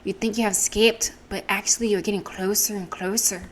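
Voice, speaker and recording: A woman voicing a cryptic female fortune teller in a put-on Irish accent, speaking slowly and solemnly in riddles. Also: medium pitch, fairly even intonation, a little hiss or hum, natural voice. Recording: game music playing behind.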